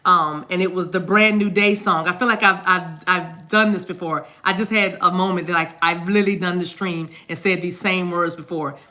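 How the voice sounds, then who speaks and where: A woman's voice: fairly low pitch, fairly even intonation, moderate pace, few pauses, sharp tone. A woman giving a casual, rambling tarot card reading, often repeating words and addressing viewers directly. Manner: chatty, rambling, repeats words, sings snatches of songs.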